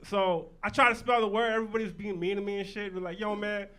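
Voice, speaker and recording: Male club comic, loud and profane, high bright tone, punchy delivery. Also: steady tone, fast, clear, resonant tone. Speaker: stand-up comic. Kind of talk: stand-up set. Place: basement comedy club.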